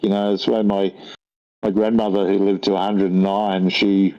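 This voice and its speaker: A man's voice: lowish voice, level tone, moderate pace, a little mellow. An older man from Australia with an Australian accent, chatting casually in a rambling, thoughtful way and correcting himself as he goes. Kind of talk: casual conversation. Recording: dull lo-fi audio.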